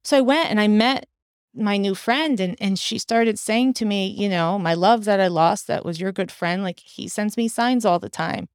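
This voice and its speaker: A middle-aged woman hosting a podcast, telling personal stories in casual chat with animated delivery. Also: mid-range voice, normal speed, clear, resonant tone, dry recording, studio quality. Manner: animated, acts out quoted dialogue. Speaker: podcast host.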